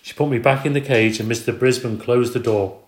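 A man reading a children's book aloud in a steady, expressive way. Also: medium pitch, brisk. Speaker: storyteller. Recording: roomy echo.

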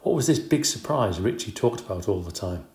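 A man reading a children's storybook aloud in an expressive, brisk way. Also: on the low side. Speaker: audiobook narrator. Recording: roomy echo.

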